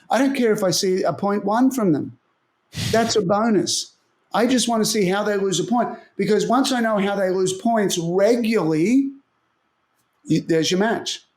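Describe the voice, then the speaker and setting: A man's voice: high voice, darkish tone. A man who coaches tennis strategy, telling stories animatedly in a casual interview and often repeating words as he thinks. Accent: Australian.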